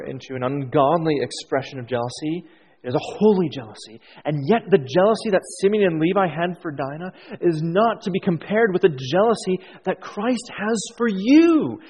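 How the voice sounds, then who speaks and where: A man preaching a sermon in an earnest way, dropping to hushed lines and then rising with emphasis. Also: fairly high pitch, breathy edge. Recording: dull sound in a long-reverb hall.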